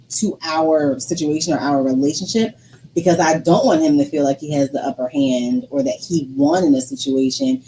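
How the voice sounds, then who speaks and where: A woman co-hosting a relaxed couple's talk show, making her case in an earnest, emphatic way. Her voice is low and mellow. A faint hum sits behind her. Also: poor audio. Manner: earnest and emphatic, speaking frankly about her feelings. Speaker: co-host. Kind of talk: casual couple debate.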